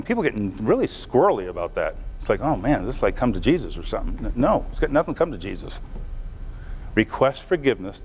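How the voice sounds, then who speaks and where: Guy giving a motivational talk in a big echoey hall, earnest, tells stories, mid-pitched voice. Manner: storytelling, earnest, directly addresses the audience. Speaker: motivational speaker. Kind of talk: speech to a live audience. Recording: long hall reverb.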